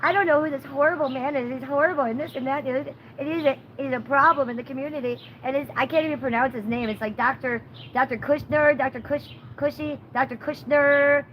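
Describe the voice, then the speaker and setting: A woman mimicking a petty girl streamer who uses a squeaky cartoonish voice changer, in a sugary, mock-innocent way. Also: fairly even intonation, brisk, few pauses, dull audio, slight background noise, natural voice.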